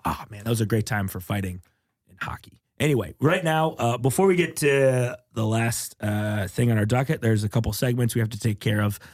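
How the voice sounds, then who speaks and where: A man's voice: medium pitch, brisk, darkish tone. A man hosting a casual comedy podcast, goofy and self-mocking, with lots of filler words. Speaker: podcast host.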